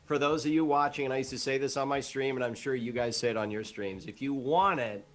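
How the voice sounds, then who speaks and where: A man's voice: medium pitch, quick pace. A man, a voice actor, giving earnest advice in a casual panel chat. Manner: earnest, advising.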